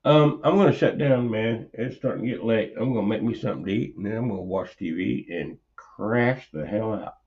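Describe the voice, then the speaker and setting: A man's voice: fairly low pitch, a little fast, few pauses, muffled recording. A man with a Southern US accent hosting a stream, talking in a laid-back, easygoing way. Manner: laid-back, friendly sign-off, says y'all. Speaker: stream host. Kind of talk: casual chat.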